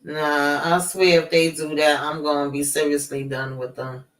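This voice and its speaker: A woman's voice: low-pitched, flat delivery, moderate pace, fairly bright tone. A woman co-hosts a casual TV recap, sounding distant and echoey, as if she is far from the mic in a hard-walled room. She is emphatic and laughs often, and she fills the gaps with mm-hmms. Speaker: co-host.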